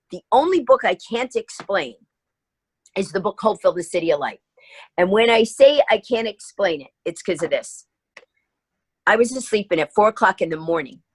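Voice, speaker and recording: A woman's voice: medium pitch, slightly rough, dry recording. A middle-aged woman guest telling a story in a podcast interview, acting out both sides of the dialogue. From New York.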